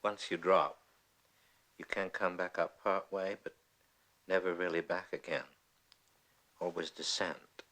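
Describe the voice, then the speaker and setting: An actor playing a mild, weary middle-aged husband who speaks in a subdued, flat way. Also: male voice, low-pitched, a little slow, long pauses, rough recording. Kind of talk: stage play performance.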